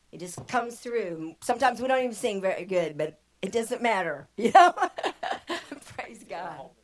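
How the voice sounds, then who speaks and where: A woman giving an exuberant, praise-filled informal sermon at a church conference. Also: mid-range voice. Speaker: missionary singer and speaker.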